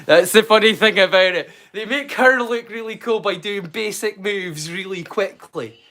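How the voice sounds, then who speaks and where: A man's voice: high-pitched, moderate pace, pushed and bright. A Scottish man hosting a live stream, chatting casually and ramblingly with viewers and swearing now and then. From Scotland. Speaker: live-stream storyteller host.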